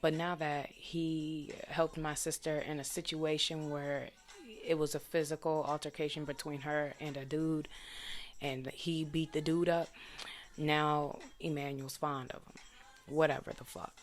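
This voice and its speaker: A woman's voice: deep voice, flat delivery, a little slow. A young adult woman vlogger telling a frustrating personal story in a blunt, profane, casual monologue full of indignant questions. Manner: vents with indignant rhetorical questions.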